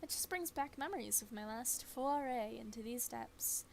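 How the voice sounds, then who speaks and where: A woman's voice: fairly high pitch, moderate pace, slight background noise, pitched above the performer's own voice, lightly acted. A woman voicing a breezy young woman who hunts ghosts and talks in a wry, offhand way.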